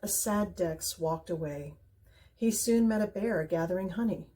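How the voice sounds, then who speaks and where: A woman reading a children's picture book aloud with expressive, gentle storytelling. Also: lowish voice, measured pace.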